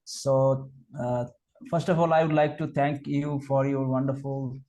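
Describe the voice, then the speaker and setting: A man who is a student asking a question on a video call, polite and hesitant, pausing often. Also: mid-range voice, little pitch movement, dark tone, muffled recording. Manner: hesitant, polite, many "uh" pauses.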